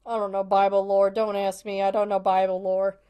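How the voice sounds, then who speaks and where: A woman's voice: mid-range voice, completely flat delivery, moderate pace, smooth, muffled recording. A woman streamer giving casual, joking commentary while playing a horror game, laughing often. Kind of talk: casual let's-play commentary.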